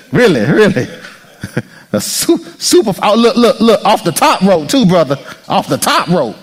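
Male pastor, sermon, animated, teasing, high-pitched, very lively delivery. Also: takes it slowly, breathy edge. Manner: animated preaching, acts out congregants' inner voices; jokes and teases the congregation.

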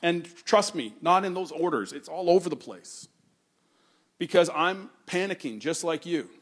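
A pastor giving an earnest sermon, telling a personal story in a conversational way and slowing down to stress key points. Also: male voice, on the high side, expressive.

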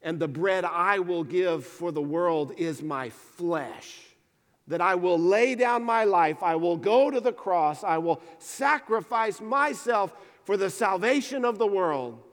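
A male preacher voicing Jesus as a calm teacher in a sermon, speaking in an earnest, measured cadence. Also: high-pitched, big-room sound. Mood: solemn.

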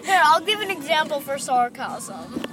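High-pitched bossy skit voice. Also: female voice, big pitch swings, normal speed, a crowd in the background, rough recording. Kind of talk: improvised comedy skit.

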